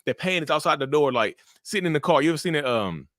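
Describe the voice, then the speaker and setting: Animated man giving blunt relationship advice. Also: fairly high pitch, fast, no echo, studio quality. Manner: animated, preachy, repeats himself, acts out inner voices. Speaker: mental health channel host. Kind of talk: casual advice monologue to camera.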